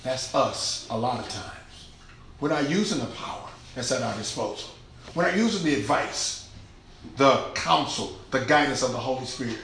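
A man preaching a sermon in a church, lively and conversational, acting out quotes and laughing along with the congregation. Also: mid-range voice, moderate pace, creaky, a little hiss or hum. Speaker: pastor. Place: large church sanctuary. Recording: echoey church room.

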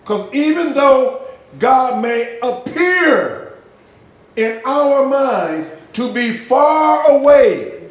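A man preaching a sermon with passion, using street slang, swinging between loud shouts and low hushed lines. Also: very animated, extremely slow, echoey room. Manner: uses street slang for emphasis.

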